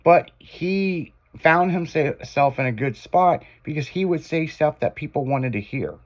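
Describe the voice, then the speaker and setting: A man's voice: fairly high pitch, expressive, unhurried. A man hosting a radio show, telling loose, profane stories in casual chat. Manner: rambling, profane, loose storyteller.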